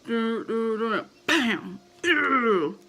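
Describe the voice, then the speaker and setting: Animated storytelling woman with gravelly edge. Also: a little high, extremely slow, background noise. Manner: animated, acts out her own panicked reactions. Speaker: vlogger. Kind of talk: casual storytelling to camera.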